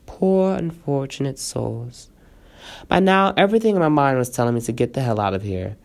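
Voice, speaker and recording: A storyteller reads a first-person tale aloud in a gravelly, mid-pitched voice. The reading stays plain and steady, with casual asides to listeners from time to time. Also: fast talker.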